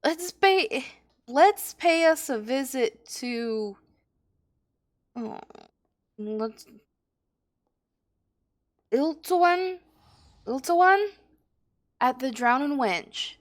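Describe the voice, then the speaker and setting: A woman's voice: high-pitched, expressive, extremely slow, long pauses, heavily acted. A woman voicing a sly male rogue guild master, reading his slang-heavy lines aloud. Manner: reads the lines aloud in rough old slang.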